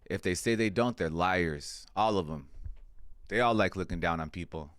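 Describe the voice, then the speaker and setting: A man's voice: sits low, moderate pace, clear, resonant tone, no echo, studio quality. A man delivering a comedic monologue, laid-back and slangy, swearing constantly.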